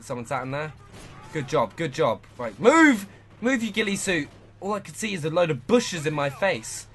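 A high, lively voice, a young man commentating on his own gameplay with swings from low muttering to loud outbursts. His tone is bright and sharp, with faint game noise underneath. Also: normal speed. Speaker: gaming channel host.

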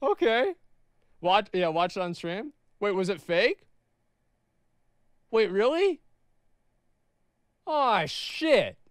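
A man streaming live, reacting to videos in casual, excitable chat and swearing freely. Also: sits high, takes it slowly, pauses often, clear, resonant tone, no echo, clean studio sound.

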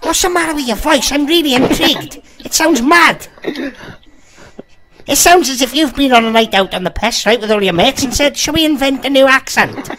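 A woman's voice: sits high, normal speed, fairly bright tone, slight background noise. A woman with a Welsh accent trash-talking in online game voice chat with crude, rambling insults.

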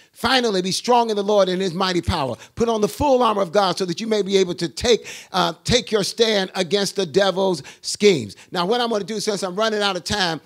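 An older man, a bishop, preaches a sermon into a handheld mic inside a church, with call-and-response from the congregation. His voice is high and creaky, and it often rises to a shout.

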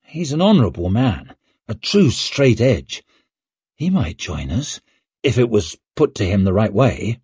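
A man's voice: fairly low pitch, very animated, unhurried, darkish tone, slightly rough, no room sound, exaggerated voice. A man voicing a brash young male lord and war hero, blunt and boastful.

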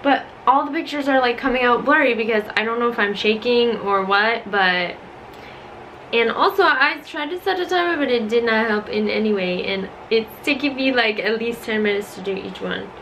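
A woman's voice: on the high side, moderate pace, fairly bright tone, slight background noise, low-quality recording. A young woman vlogging casually about her art shop, bubbly and rambling, gushing and giggling with many fillers. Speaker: artist and small business vlogger. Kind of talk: casual vlog narration.

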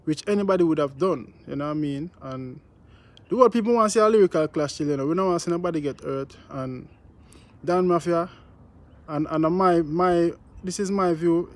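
A news vlogger with a Jamaican accent gives casual commentary in a fairly quick, higher-pitched voice. He repeats himself and often asks "you know what I mean."

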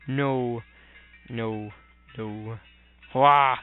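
A man's voice: medium pitch, steady tone, very slow, pauses often. A man giving goofy, rambling commentary while playing a video game. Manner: goofy, rambling, mutters complaints. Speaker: let's player. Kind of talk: casual gameplay commentary. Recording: tinny lo-fi with faint game music.

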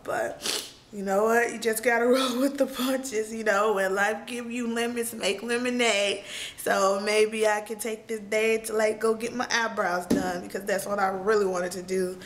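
A woman's voice: medium pitch, slight background noise. A young woman vlogger telling a story in casual chat, tearful and laughing through it, still crying as she talks.

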